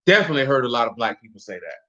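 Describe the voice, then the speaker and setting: Animated preacher man, lo-fi sound. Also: medium pitch, rapid-fire. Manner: animated, jokey asides and rhetorical questions. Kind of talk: casual street-talk sermon. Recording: dull lo-fi recording.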